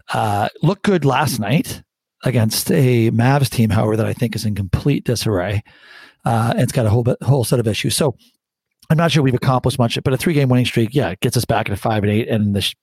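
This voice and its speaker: A man hosting a casual sports podcast, brisk and skeptical as he leads the questions. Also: on the low side, a little mellow, breathy edge, dry recording. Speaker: host.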